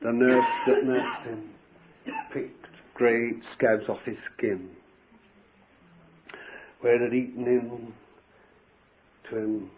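A man preaching a sermon, telling a story with animated fervor and bursts of shouting. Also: medium pitch, slow pace, pauses often, slight background noise. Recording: tinny phone-like old tape.

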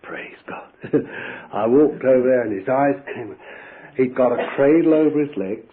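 A man preaching a sermon, telling a story with animated fervor and bursts of shouting. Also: mid-range voice, moderate pace. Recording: tinny phone-like old tape.

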